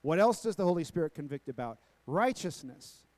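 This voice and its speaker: Male pastor, sermon delivery, emphatic repetition, rhetorical questions; fairly high voice, dry close sound. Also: expressive, brisk, darkish tone, no room sound. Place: church sanctuary.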